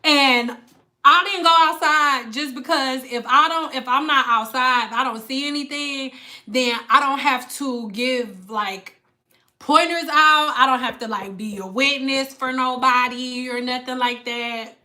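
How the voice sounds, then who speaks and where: A woman's voice: high voice, measured pace. A woman hairstylist telling a story in a casual, slangy livestream chat, acting out the people in it. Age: adult with a daughter. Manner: animated slangy storyteller who acts out the people in her story.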